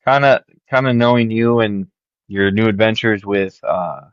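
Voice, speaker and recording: A man co-hosts a casual podcast in a lowish voice. He talks in a loose, hesitant way, circling through fillers before he lands his point. His mic sounds dull and slightly muffled, close and dry. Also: no room sound. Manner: relaxed, halting, many fillers. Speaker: podcast co-host.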